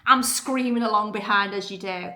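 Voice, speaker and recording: A woman's voice: mid-range voice, normal speed, sharp tone. A woman, giving an earnest, chatty motivational talk as a podcast host. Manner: chatty, earnest, lots of fillers.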